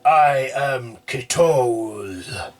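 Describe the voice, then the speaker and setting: A man voicing a menacing male demon that has possessed a boy, loud and slow. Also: mid-range voice, far from the mic, pitched above the performer's own voice.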